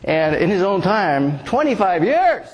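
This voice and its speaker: A man's voice: high voice, very animated, a little slow, long reverb tail. A man in his sixties, a pastor giving a conversational sermon and often asking his listeners "right?". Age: 60s. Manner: conversational, asks the congregation "right?". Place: church sanctuary.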